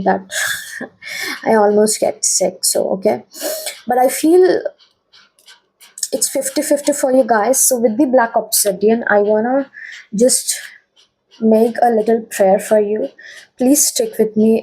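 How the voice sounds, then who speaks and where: Tarot reader, young woman, higher mellow voice, chatty, keeps checking in. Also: unhurried, slightly rough, poor audio. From India. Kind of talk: casual tarot reading to viewers.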